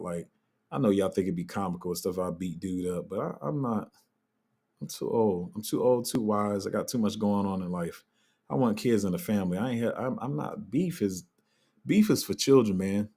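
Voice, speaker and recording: A man's voice: low voice, brisk, darkish tone, husky. A man hosting a casual live crypto Q&A, answering chat in a loose, candid way and trailing off while he looks things up. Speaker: crypto livestream host.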